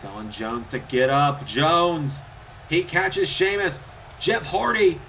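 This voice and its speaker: A man giving solo play-by-play commentary over a wrestling video game, getting louder and higher at the big moves. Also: takes it slowly, slight background noise. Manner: excitable, rises in pitch and volume at big moves.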